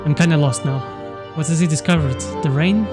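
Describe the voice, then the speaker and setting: Dude reacting to a game, swears a lot, voice on the higher side, faint music behind. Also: male voice, steady tone, a little fast. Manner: reactive, swears, thinks aloud. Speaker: let's play commentator. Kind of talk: casual game commentary.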